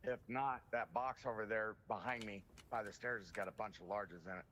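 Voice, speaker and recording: A man chatting casually with a fellow player during a game, relaxed and bro-like, swearing now and then. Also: on the low side, fairly quick, slight background noise.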